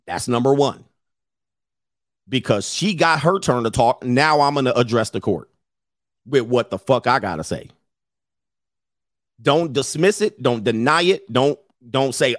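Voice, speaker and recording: A man's voice: on the high side, sing-song, normal speed, dry recording, studio quality. A middle-aged man giving blunt, profane advice in a casual talk, often mimicking others in a raised voice. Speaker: podcast host giving advice.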